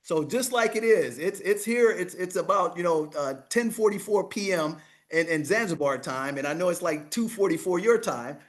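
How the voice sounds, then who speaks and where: High-voiced man telling a lively story. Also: normal speed. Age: 50s. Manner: animated, acts out the dialogue, keeps repeating "I said". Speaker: guest, money coach. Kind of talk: storytelling in a podcast interview.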